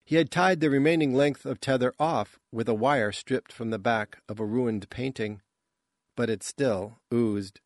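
A man giving scripted audiobook narration in a measured, even tone. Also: medium pitch, no echo, studio quality.

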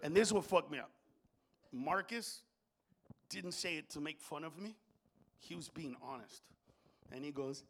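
On stage with a handheld mic, a man does a profane stand-up routine, swinging between shouted bursts and low, confiding stretches. He talks at normal speed and pauses often.

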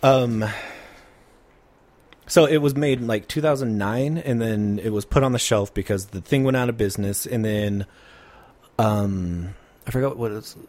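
Low-voiced young man, dry quips. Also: unhurried, pauses often, darkish tone. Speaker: podcast co-host. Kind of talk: casual chat.

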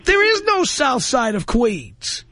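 Sarcastic radio host guy, really high voice, bounces all over, dry studio sound. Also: huge pitch swings, slow, bright, forceful tone, dry recording. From New York. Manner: sarcastic, condescending, needling. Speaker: radio talk show host. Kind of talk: call-in talk radio. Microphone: studio broadcast mic.

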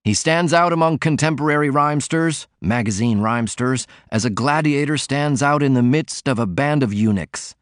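A man's voice: medium pitch, moderate pace, hardly any pauses, dry recording, studio quality, voice pushed up, lightly acted. A man voicing a sickly, sardonic man with a mocking, cutting way of talking.

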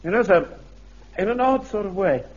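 An actor playing a vague, well-mannered, gently wry chief clerk and sergeant in a radio sitcom, heard on a dull archive recording. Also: male voice, high-pitched, lively intonation, moderate pace. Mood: languid. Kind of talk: 1970s radio sitcom acting.

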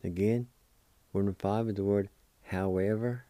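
A man hosting a language lesson, spelling words letter by letter and pronouncing them slowly and deliberately. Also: on the low side, steady tone, warm tone, no echo. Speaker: host teaching Cherokee words.

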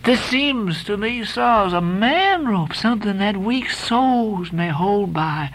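A woman's voice: mid-range voice, expressive, takes it slowly. A woman voicing a young, crazed ship's boy who rambles and calls out in a sing-song way. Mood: tender wondering.

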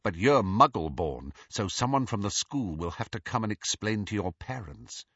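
A brooding, defensive boy who mumbles in a low, guarded tone, as a man reads him aloud. The voice is husky, with a bright edge. It sounds dry and a little muffled. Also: lively intonation, normal speed, no room sound, exaggerated voice. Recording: slightly dull, dry recording.

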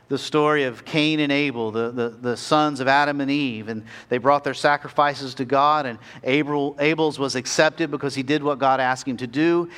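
A male pastor with a medium-pitched voice preaches an earnest sermon. He builds to pleading peaks, then drops back down, soft and slow.

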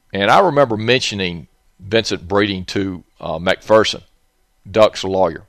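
A Southern-accented man talks in a blunt, profane ramble, his pitch rising and falling with lively swings. He wanders off on tangents and cusses freely. The sound is dry and close. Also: no room sound. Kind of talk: rambling casual monologue.

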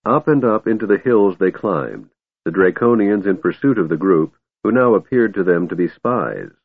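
Guy reading an audiobook, low lively voice, kinda husky, tinny phone sound. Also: moderate pace. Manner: expressive storyteller. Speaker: audiobook narrator. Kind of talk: scripted audiobook narration. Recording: tinny phone-like dry recording.

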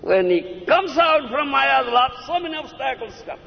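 A man giving a devotional sermon as a spiritual teacher, often checking his listeners with "huh?" and "isn't it?" and rapidly chanting verse lines between his English explanations. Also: very high-pitched, very animated, gravelly. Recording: dull lo-fi recording in a reverberant hall.

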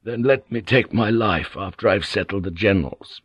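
A man's voice: fairly low pitch, normal speed, slightly rough, dry recording. A man voicing a loyal, blunt old samurai general in an audiobook, eager and deferential. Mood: earnest. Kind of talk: audiobook character voice.

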